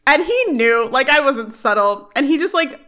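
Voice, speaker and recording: A woman co-hosting a podcast, giving a casual scene-by-scene recap with lots of giggling and animated retelling. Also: sits high, normal speed. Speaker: podcast co-host.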